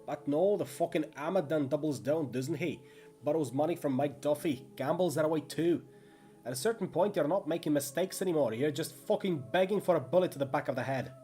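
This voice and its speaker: A man's voice: medium pitch, normal speed, hardly any pauses, darkish tone, soft background music, close to an everyday voice. A man voicing a wiry, crude and menacing small-time thug with a Dublin accent. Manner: crude, swaggering, sneering.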